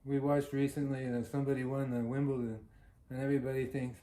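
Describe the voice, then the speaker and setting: A man's voice: mid-range voice, flat delivery, fast, few pauses, mellow. A man giving a devotional storytelling talk, earnest and anecdotal, chuckling now and then. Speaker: devotional speaker. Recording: roomy echo.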